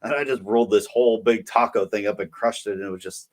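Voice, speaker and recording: A man's voice: lowish voice, fast talker. A young man co-hosting a podcast, telling a long story in casual chat full of fillers. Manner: rambling, filler-heavy storytelling. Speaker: podcast co-host.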